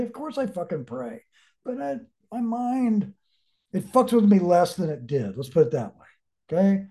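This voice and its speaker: Here a man with a warm, high-pitched voice sits for an interview and tells his story candidly. It comes out casual and wandering, blunt, heavy on cursing, and full of probing reflection.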